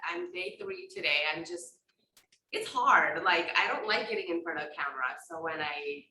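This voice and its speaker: A woman's voice: lowish voice, pushed and bright, a little hiss or hum. Candid woman, distant in an echoey room. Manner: candid, self-deprecating, laughs often. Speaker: workshop participant, real estate agent. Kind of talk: candid personal story in a group.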